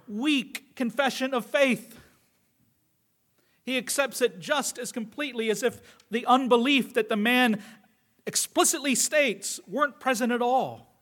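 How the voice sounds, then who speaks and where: Male preacher, high voice, slow and earnest, hushed asides. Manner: slow, earnest, drops to a hush on key phrases. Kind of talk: sermon.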